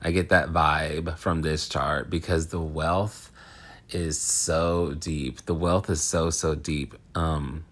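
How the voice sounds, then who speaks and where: A man with a very low voice talks through an astrology reading in a casual monologue. He rambles, restarts his sentences and fills the gaps with ums, and he speaks frankly. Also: fairly even intonation, takes it slowly, fairly bright tone. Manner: rambling, filler-heavy, frank. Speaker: astrologer, channel host.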